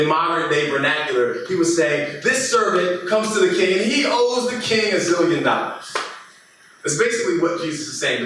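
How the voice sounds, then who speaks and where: Male pastor, higher voice, casual storytelling sermon, very echoey distant recording, faint hiss. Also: a bit bright. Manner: retells scripture as a casual, modern-day story. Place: church hall. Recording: very echoey room, distant mic, faint noise.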